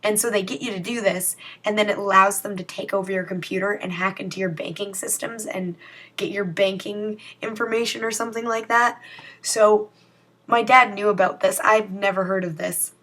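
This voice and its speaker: A woman's voice: medium pitch, steady tone, normal speed, fairly bright tone. A young woman talking casually to her viewers in a rambling, self-mocking vlog. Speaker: vlogger. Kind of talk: casual vlog chat to camera.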